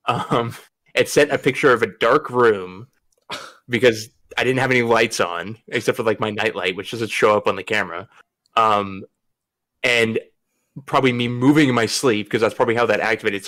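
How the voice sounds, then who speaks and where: Young male podcaster, loose anecdote delivery, frequent laughs and cursing, mid pitch. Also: normal speed, fairly bright tone. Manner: rambling, laughs often, swears freely. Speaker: podcast host. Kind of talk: casual storytelling chat.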